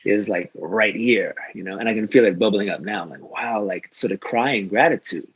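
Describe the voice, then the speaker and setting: Brief: male guest coach, low husky voice, earnest and emphatic delivery. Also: no echo, lo-fi sound. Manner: earnest, spiritual, slow and emphatic. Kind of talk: casual conversation.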